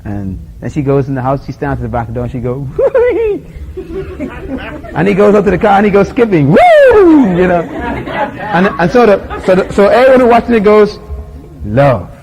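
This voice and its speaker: A man's voice: high-pitched, animated, fairly quick, darkish tone, a faint crowd, rough recording. A middle-aged man with a Bahamian accent preaching a sermon, acting out little scenes with voices and laughter.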